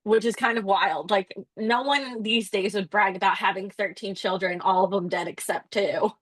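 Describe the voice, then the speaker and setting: A woman's voice: medium pitch, moderate pace, no room sound. A young woman leading a casual class discussion of a novel. She is chatty, fills her talk with "like" and laughs often. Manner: chatty, laughs often, addresses the group as guys. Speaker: student leading a book discussion.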